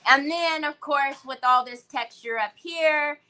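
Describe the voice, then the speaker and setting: A woman with a high-pitched, sharp-toned voice speaks at a measured pace while hosting a crafting livestream. She chats casually and playfully, slipping into cutesy baby talk as she reads viewers' chat comments aloud.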